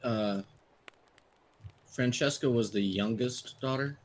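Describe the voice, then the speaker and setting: A man's voice: medium pitch, slow. A man playing in an online tabletop game, describing his character's actions in a matter-of-fact way. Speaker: player. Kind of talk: tabletop role-play.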